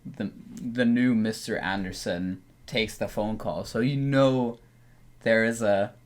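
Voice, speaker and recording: A man with a somewhat low voice talks loosely about movies, and his thoughts wander as he goes. He trails off, restarts, and leans on "like" constantly. It sounds like relaxed back-and-forth between co-hosts. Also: takes it slowly. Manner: rambling, lots of "like" and restarts. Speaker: film podcast co-host. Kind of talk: casual film discussion.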